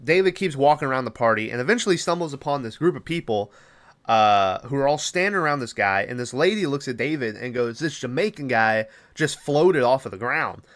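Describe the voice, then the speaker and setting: A man's voice: medium pitch, animated, fairly quick, a bit bright. A man hosting a podcast, recapping a movie in a rambling, casual way, full of filler words and swearing. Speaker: podcast host.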